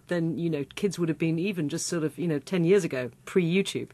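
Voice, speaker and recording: A woman presenting a radio arts program, asking measured conversational questions and narrating. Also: sits low, mellow.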